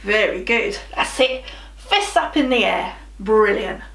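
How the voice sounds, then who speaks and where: A woman's voice: mid-range voice, expressive, a little slow, gravelly, fairly bright tone. A woman, a primary school teacher, leading a children's drama game with playful sound effects and encouragement. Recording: roomy, voice from a distance, music behind.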